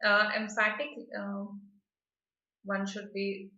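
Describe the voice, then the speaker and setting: A woman's voice: medium pitch, monotone, slow, bright, forceful tone, reverberant, dull audio. A woman teaching a grammar lesson for exam prep, explaining patiently and often checking with "right?".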